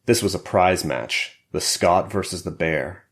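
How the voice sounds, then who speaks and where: A man narrating an action thriller audiobook in a steady, measured way. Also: low-pitched. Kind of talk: scripted narration.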